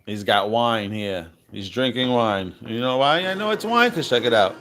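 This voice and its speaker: Hyped up guy riffing over cartoon clips, bright punchy voice, keeps saying baby. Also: medium pitch, animated, normal speed, faint music behind. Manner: hyped, slangy, repeats phrases, calls out "baby" and "fam". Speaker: crypto commentator.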